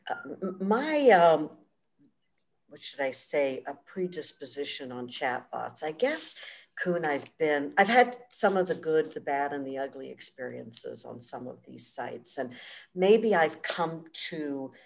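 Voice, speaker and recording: A woman's voice: low voice, expressive, unhurried, gravelly. A woman co-hosting an interview podcast, hesitant and searching for words as she asks a question. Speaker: podcast co-host. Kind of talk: interview conversation.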